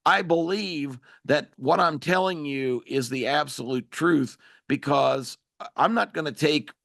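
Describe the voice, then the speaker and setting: Male talk radio host, emphatic opinion monologue, gravelly, dry booth sound. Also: on the high side, a little slow, fairly bright tone, dry recording. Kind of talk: political talk radio commentary.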